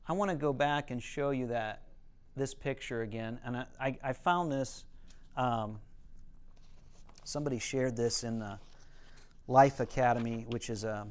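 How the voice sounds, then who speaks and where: A man with a smooth, resonant voice of middling pitch gives a relaxed teaching talk. He speaks as a counselor would, earnest and explanatory. He leans on stories to carry his points.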